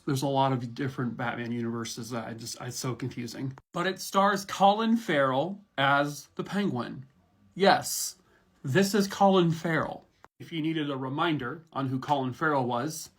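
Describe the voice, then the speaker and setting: A man's voice: mid-range voice, a bit bright. A man chatting casually as an online reviewer, enthusiastic, rambling and profane.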